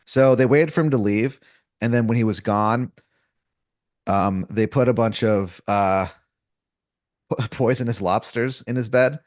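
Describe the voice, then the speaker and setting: A man's voice: mid-range voice, a little slow, pauses often, no room sound, clean studio sound. A man running an improvised comedy story as game master, rambling and casual with lots of fillers, restarts and crude slang.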